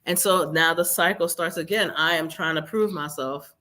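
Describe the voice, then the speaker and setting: A woman guest telling her own story in a live interview, animated and acting out what others said. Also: low voice, moderate pace.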